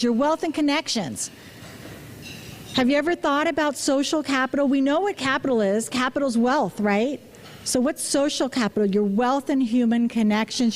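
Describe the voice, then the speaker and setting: A woman, a physician, giving a public talk and asking the audience questions, with many restarts and "you know" fillers. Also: high voice. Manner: engaging, asks the audience questions.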